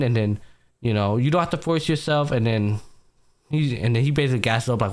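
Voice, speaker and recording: A young podcast host with a medium-pitched, mid-range voice talks briskly and casually through anime episodes, scene by scene. He slips into the characters' lines while retelling them, using loose, slang-heavy speech with the occasional curse.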